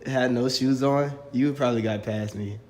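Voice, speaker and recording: A man vlogging casually and teasing his friends during a game of tag, laughing a lot in a relaxed way. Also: medium pitch, normal speed. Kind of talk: casual playful chat. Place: indoor tornado shelter. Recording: echoey hall, faint noise.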